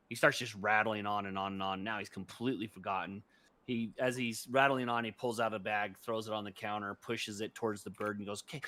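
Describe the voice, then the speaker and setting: A man's voice: lowish voice, sharp tone, no room sound. A man narrating as game master for a tabletop game in a casual, hesitant way.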